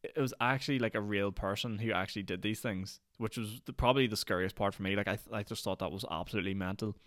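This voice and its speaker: Brief: Northern Irish male podcast host, ranty and rambling, lowish voice, rapid delivery. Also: a bit bright, no room sound, studio quality. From Northern Ireland. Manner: rambling, ranty, heavy use of "like". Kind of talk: solo podcast rant.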